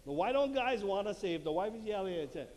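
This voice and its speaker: A man's voice: sits high, animated, fast, a little mellow. A man giving a talk at a marriage conference, acting out little quotes and laughing at his own jokes. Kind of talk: lively talk to a live audience. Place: church hall before an audience. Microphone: handheld mic. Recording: long hall reverb, faint room noise.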